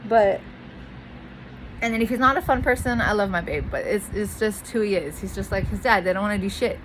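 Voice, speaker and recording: A woman's voice: mid-range voice, brisk, a little hiss or hum, low-quality recording. A woman venting to her camera in a blunt, rambling monologue, swearing freely and repeating herself. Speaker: vlogger.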